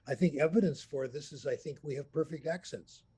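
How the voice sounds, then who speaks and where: Mellow-voiced man in his eighties. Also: on the high side, breathy edge. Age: 80s. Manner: unhurried anecdotal storyteller, lively emphasis. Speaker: language professor, interview guest. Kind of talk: storytelling interview answer. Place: remote video call. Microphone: computer mic on a video call.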